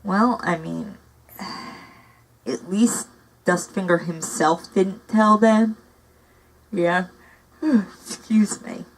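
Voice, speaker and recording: A woman's voice: mid-range voice, extremely slow, long pauses, rough recording. A woman reading a novel aloud, narrating steadily with occasional casual asides. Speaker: audiobook reader.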